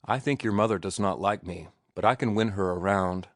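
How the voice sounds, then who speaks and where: Man reading as a passionate young sailor, low gentle voice, earnest, dry close recording. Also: brisk, dry recording, lightly acted. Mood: ardent, tender. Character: ardent young sailor-turned-writer, passionate.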